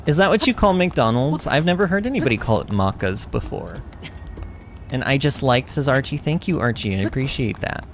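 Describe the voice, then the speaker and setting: A woman's voice: extremely low pitch, a little hiss or hum. A woman streaming a video game and chatting casually with her viewers, talking in a bubbly way with lots of fillers and restarts. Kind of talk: casual livestream chat while playing.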